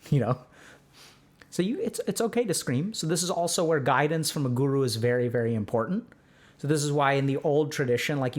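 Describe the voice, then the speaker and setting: Animated man explaining meditation. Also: fairly high pitch. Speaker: streamer giving a talk. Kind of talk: livestream lecture on meditation.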